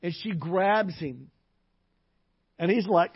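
Pastor preaching in a lo-fi recording. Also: male voice, high-pitched, measured pace, pauses often, husky. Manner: personal storytelling, drops to a hush at sad moments and acts out quoted lines. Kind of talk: sermon.

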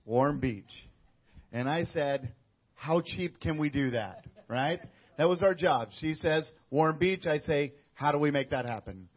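A man with a fairly high-pitched voice tells a story on a podcast, acting out what each person said. The audio sounds dull and lo-fi. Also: measured pace, breathy edge. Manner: tells stories, acting out quoted dialogue. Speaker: missionary guest. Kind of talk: casual interview storytelling.

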